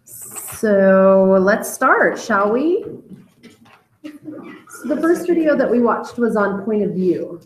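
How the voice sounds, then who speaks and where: A woman's voice: mid-range voice, sing-song, slow, long pauses, roomy sound, slight background noise, rough recording. A woman teacher leading a casual storytelling class discussion, talking in a conversational, hesitant way with many fillers.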